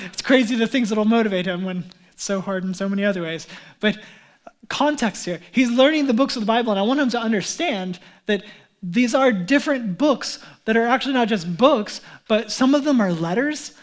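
Chatty pastor preaching a relaxed sermon. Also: male voice, high-pitched, normal speed. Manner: relaxed and chatty, with frequent fillers and restarts; addresses the congregation as beloved. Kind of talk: conversational sermon.

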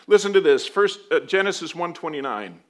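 Pastor guy preaching, pretty high voice, chatty and playful, soft when he prays. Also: animated, a little fast. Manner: conversational, playful storytelling with asides; soft, low prayer voice. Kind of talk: sermon.

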